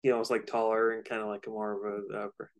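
Low-voiced man casually co-hosting. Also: very fast. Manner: relaxed, rambling with fillers. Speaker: podcast co-host. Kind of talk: casual chat.

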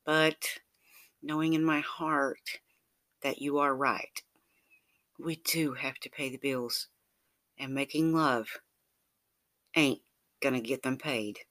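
A man narrating an intimate romantic story in a soft, tender, unhurried way. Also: medium pitch, fairly even intonation, dry recording.

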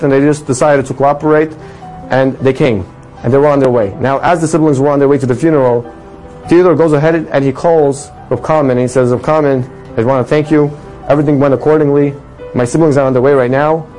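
A man telling a religious story with a moral in an animated sermon style, his voice rising for the dramatic lines. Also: mid-range voice, fast talker, faint music behind, poor audio. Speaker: storyteller teaching a religious lesson.

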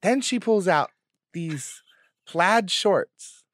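A young man co-hosting a casual podcast chat, telling animated, profanity-laced stories with a dry close sound. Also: sits high, extremely slow, no echo. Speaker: podcast co-host.

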